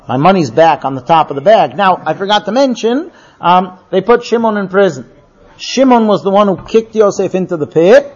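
A man with a high voice teaches a scripture lesson, retelling the story with animation and often checking in with his listeners. The recording is dull and lo-fi. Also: darkish tone. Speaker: religious teacher.

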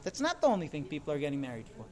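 A man's voice: fairly high pitch, wildly swooping pitch, very fast. A man, a rabbi, gives a sermon on marriage, talking emphatically with rhetorical questions.

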